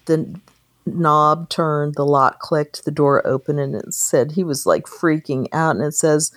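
A woman's voice: sits low, fairly even intonation, unhurried. A woman co-hosting a casual book discussion, chattily summarizing the story and reading quotes aloud. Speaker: podcast co-host.

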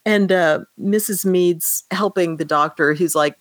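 Woman podcast host talking books, amused and chatty, kinda low voice, dry close sound. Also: measured pace, no room sound. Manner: animated, amused, reads passages aloud. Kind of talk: casual book discussion.

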